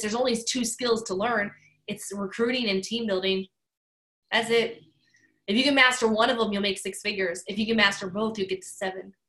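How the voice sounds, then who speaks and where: A woman's voice: fairly high pitch, fairly bright tone, low-quality recording. A woman in her forties giving an emphatic motivational talk, driving points home by repeating key phrases. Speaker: motivational speaker.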